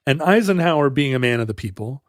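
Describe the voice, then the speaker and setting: A man's voice: medium pitch, animated, quick pace, no room sound. A man in the middle of his range talks through history on a casual podcast, circling back and fixing his phrasing as he goes. His voice sits close to the mic with no room sound at all. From United States. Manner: rambling, self-correcting, explanatory. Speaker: podcast co-host. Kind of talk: casual chat.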